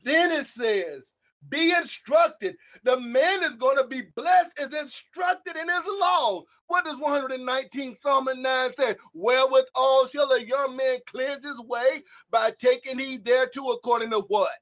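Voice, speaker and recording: Man preaching, very high-pitched, loud emphatic delivery with sudden quiet drops. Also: a little slow. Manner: shouting emphatic lines, swinging between loud and hushed; calls out to listeners by name. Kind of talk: sermon.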